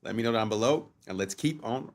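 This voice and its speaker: A man's voice: medium pitch, brisk, slight background noise. A man hosting a reaction video, musing aloud with a hesitant, restart-filled manner and talking straight to his viewers. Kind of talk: casual reaction commentary.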